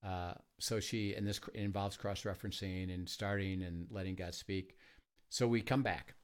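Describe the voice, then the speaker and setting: Earnest, halting man telling a story. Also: sits low, fairly even intonation, smooth. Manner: earnest, halting with many fillers and restarts. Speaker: ministry leader. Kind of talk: storytelling in conversation.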